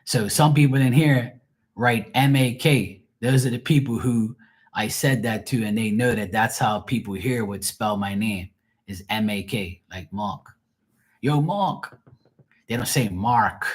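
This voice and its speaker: A man's voice: on the low side, steady tone, moderate pace, husky. A middle-aged man with a Bermudian accent, a tarot reader rambling casually to his livestream viewers with plenty of profanity and frequent laughs.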